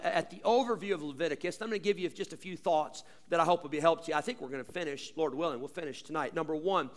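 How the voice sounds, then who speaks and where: A male pastor preaching a sermon, pressing points with rhetorical questions and repetition, swinging between loud drawn-out emphasis and low quiet asides. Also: in a large hall.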